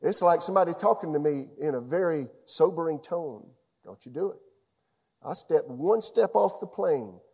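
A man's voice: on the high side, animated, moderate pace, gravelly, hardly any pauses, a little mellow, breathy edge. A middle-aged man preaching a sermon as pastor, telling a personal story and putting questions to his congregation.

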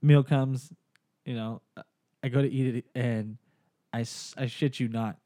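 A man telling a story in casual chat, profane and animated, acting out the people in it. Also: mid-range voice, a little slow, no echo, clean studio sound.

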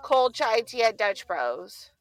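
A woman co-hosting a casual podcast chat, talking in a quick and enthusiastic way. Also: fairly high pitch, big pitch swings, crowd noise, poor audio. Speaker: podcast co-host.

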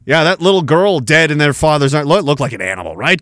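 A man's voice: fairly high pitch, sing-song, normal speed, hardly any pauses, sharp tone, dry recording. A man hosting a podcast, ranting sarcastically and with heavy profanity while commenting on news clips. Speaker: podcast host.

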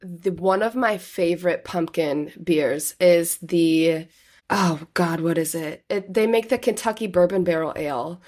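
A woman's voice: lowish voice, unhurried, a little mellow. A woman in her thirties co-hosting a podcast, chatting casually and rambling with many fillers. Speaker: podcast co-host. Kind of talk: casual chat.

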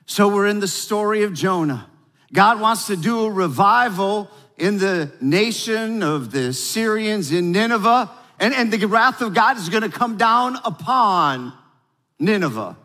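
A man preaching a sermon as pastor, energetic and emphatic, drawing the congregation into call-and-response. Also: high-pitched, measured pace, long reverb tail.

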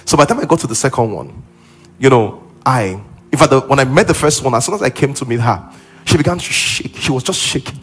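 Husky, animated male preacher. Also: medium pitch, quick pace. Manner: animated preaching, rising to loud commands. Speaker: pastor. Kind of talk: sermon and deliverance prayer. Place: church auditorium.

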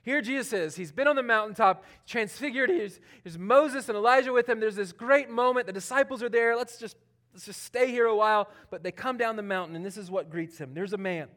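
A pastor's sermon in a loose, conversational style, delivered by a man with a notably high voice. He leans on casual fillers and moves between loud, emphatic phrases and hushed asides as he works through a passage. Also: brisk.

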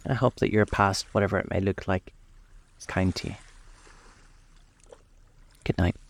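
Man with a lowish voice reading a bedtime story, soft and slow, soothing. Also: steady tone, vocal fry. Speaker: storyteller host.

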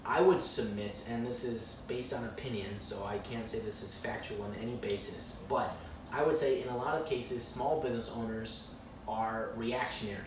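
Man, animated podcast co-host, jokey, recorded far off in a roomy space. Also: medium pitch, moderate pace. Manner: animated, jokey, breaks into loud put-on voices. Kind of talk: casual chat. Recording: echoey room, far from mic, faint noise.

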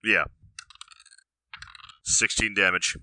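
Bright, crisp-voiced man narrating his turn. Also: fairly low pitch, little pitch movement, extremely slow. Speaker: player. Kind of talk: narrating his character's actions.

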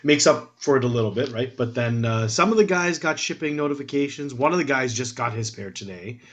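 A man's voice: mid-range voice, fairly quick. A man hosting a casual podcast, easygoing and agreeable, often checking in with "right?". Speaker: podcast host.

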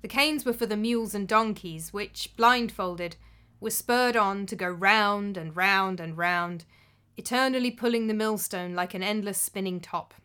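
Bright-voiced woman narrating a story. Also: medium pitch, a little slow, smooth.

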